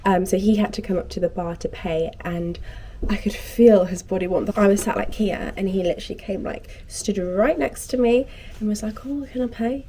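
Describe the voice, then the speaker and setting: Mellow-voiced young woman, animated. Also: mid-range voice, normal speed, a little hiss or hum. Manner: animated storytelling, acting out both sides of the story. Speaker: vlogger. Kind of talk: casual chat.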